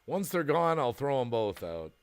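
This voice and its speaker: A man's voice: mid-range voice, sing-song, normal speed, creaky, clear, resonant tone. A man from the United States hosting a casual livestream, chatting with viewers and laughing often as he rambles. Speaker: livestream host. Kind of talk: casual chat reading viewer comments.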